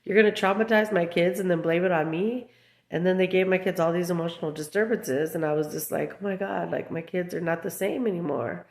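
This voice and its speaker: Woman, 30s, low voice, agitated rambling vlog rant, echoey room. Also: brisk. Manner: agitated, rambling storytelling full of fillers. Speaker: mother speaking out about her children. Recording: roomy echo.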